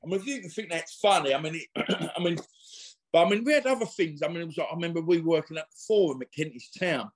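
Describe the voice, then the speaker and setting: Speaking fast, a middle-aged interview guest rambles through casual anecdotal stories full of slang. He breaks off and restarts often and performs other people's lines in quotes. His pitch runs a little above the typical male range.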